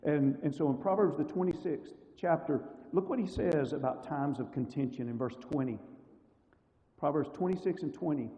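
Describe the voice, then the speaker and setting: Male Bible class teacher, higher mellow voice, chatty with rhetorical questions, long church-hall reverb. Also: normal speed, muffled recording. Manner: conversational, rhetorical questions to audience.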